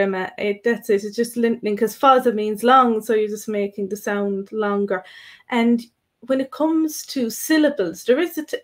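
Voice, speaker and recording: A woman teaches in a loose, halting way, full of ums and restarts. Her voice sits at an ordinary middle pitch. She sounds like a live-stream co-host talking through a point. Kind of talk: live-stream language lesson.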